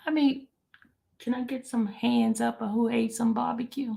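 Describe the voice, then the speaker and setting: A woman's voice: a little high, steady tone, moderate pace, creaky, dark tone. A woman hosting a casual livestream chat, teasing and repeating herself as she reads out viewer comments. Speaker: livestream host.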